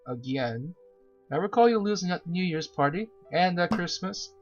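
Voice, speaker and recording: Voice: mid-range voice, expressive, normal speed, soft background music, pitched above the performer's own voice, natural voice. A player reading as a cheeky sparrow assistant. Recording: slightly dull lo-fi recording.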